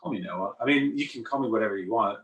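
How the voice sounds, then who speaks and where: A man's voice: lowish voice, quick pace, a bit bright. A man from the south of France, a podcast guest, chatting easily with lots of uhs over a remote call. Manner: easygoing, meandering, many uhs. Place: home room by the sea in England. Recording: roomy, distant call audio.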